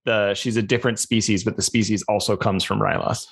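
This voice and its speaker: A man's voice: on the low side, steady tone, brisk, vocal fry, breathy edge. A man co-hosting a podcast, chatting in an enthusiastic, rambling way. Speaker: podcast co-host. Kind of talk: casual chat.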